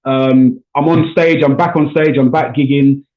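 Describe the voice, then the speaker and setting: A South London stand-up comedian with a mid-range voice and a moderate pace chats casually over a video call. His manner is laid-back and conversational, peppered with "man" and "bro," while the call audio sounds tinny with an echo.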